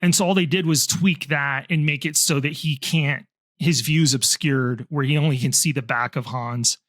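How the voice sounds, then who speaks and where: A fairly high-voiced man co-hosting a podcast, eagerly laying out film background in long, rambling turns. The sound is close and dry, with no room around it. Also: fairly even intonation, moderate pace, fairly bright tone, dry recording. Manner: enthusiastic, explains background at length. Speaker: podcast co-host. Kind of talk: casual film chat.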